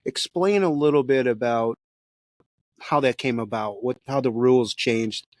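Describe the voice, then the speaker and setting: A man hosting a podcast, asking steady, prompting questions about a guest's past seasons. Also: medium pitch, unhurried, no echo, studio quality. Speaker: podcast host. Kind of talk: interview questions.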